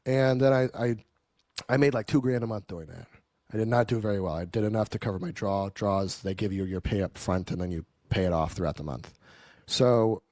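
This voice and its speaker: Low-voiced, blunt, profane male sales trainer. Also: a little mellow, no room sound. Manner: checks in with the audience. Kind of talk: live training talk, storytelling.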